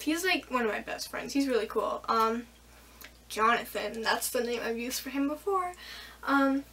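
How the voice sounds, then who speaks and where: A young woman in her bedroom, casually retelling a personal story in a rambling, animated way, acting out the voices of the people in it. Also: on the high side, moderate pace, far from the mic. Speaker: vlogger.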